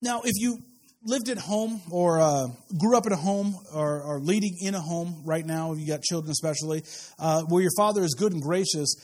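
A man's voice: on the high side, moderate pace, a little mellow. A middle-aged man preaching a sermon in a church, talking to the congregation and often repeating words as he restarts. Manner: conversational preaching, frequent word repeats and restarts. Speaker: pastor. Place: church sanctuary with pews.

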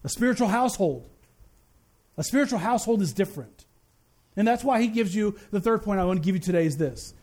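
High-voiced fervent male pastor. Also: lively intonation, a little mellow. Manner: fervent preaching with emphatic slowdowns. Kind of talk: sermon.

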